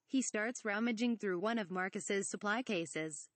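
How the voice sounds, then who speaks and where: A woman's voice: mid-range voice, a little slow, no room sound. A woman reading the stage directions of a fan parody script in a plain, matter-of-fact way. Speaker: reader.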